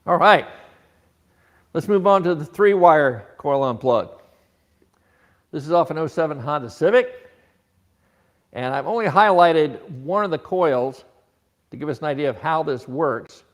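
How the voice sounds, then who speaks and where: Man explaining ignition waveforms, raised pitch. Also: animated, measured pace, pauses often. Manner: explanatory, rhetorical questions, frequent fillers and restarts. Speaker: automotive technical instructor. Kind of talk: technical seminar presentation.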